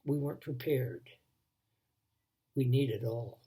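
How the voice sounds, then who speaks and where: A man voicing a grave, gentle old doctor who talks in a hushed, pleading way. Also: medium pitch, takes it slowly, breathy edge. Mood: somber hushed.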